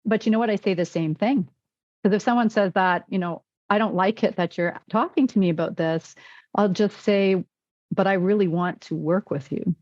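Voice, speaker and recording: A woman's voice: mid-range voice, moderate pace, darkish tone, dry recording, muffled recording. A woman physician and wellness coach in a podcast interview, telling stories and acting out quoted dialogue.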